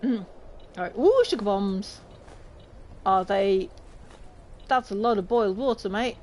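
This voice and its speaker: A woman from Lincolnshire, England, with an English accent, chats casually and laughs often while streaming a game. Her mid-range voice has a darkish tone and moderate pace, with slight background noise.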